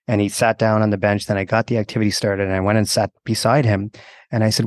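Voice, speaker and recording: Deep-ish guy, teacher telling a story, lots of restarts, dry close mic. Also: flat delivery, fast, no echo. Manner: warm, earnest storyteller with frequent restarts. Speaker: PE teacher and instructional coach. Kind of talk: casual conversational storytelling.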